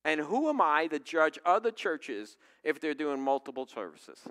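Male pastor, middle-aged, conversational storyteller, animated and higher-pitched delivery. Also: moderate pace. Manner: storytelling, conversational, asks the congregation questions. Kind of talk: sermon.

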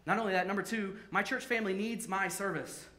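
A man's voice: sits high, fast, pushed and bright. A man pastor preaching a sermon in a church, playful and joking with his congregation. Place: church sanctuary. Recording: echoey church sanctuary.

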